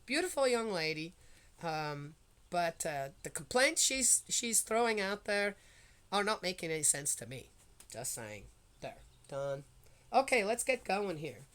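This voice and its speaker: A woman talking at a middle pitch in a loose, rambling way, often stopping to check in with her listeners. She then reads scripture at a slow, steady pace. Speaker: Bible reading vlogger. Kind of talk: casual chat and Bible reading.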